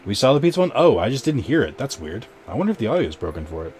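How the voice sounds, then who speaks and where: A man's voice: mid-range voice, sing-song, very fast, a little mellow, soft background music. A man streaming a game and chatting with viewers in a rambling, casual way, full of fillers and restarts. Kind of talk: casual live-stream chat while gaming.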